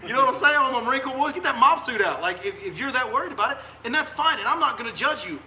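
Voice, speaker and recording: Guide, male, heated live-stream rant, high voice, echoey recording. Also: expressive, quick pace, bright, forceful tone, slight background noise. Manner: fiery, emphatic, repeats rhetorical questions. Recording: echoey room sound.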